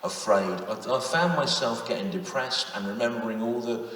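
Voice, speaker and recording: A man's voice: medium pitch, normal speed, a little hiss or hum. A man in his fifties doing a live stand-up routine, sardonic and self-mocking, leaning on tag questions. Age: 50s. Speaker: stand-up comedian. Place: large theatre on stage. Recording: distant echoey hall with loud audience.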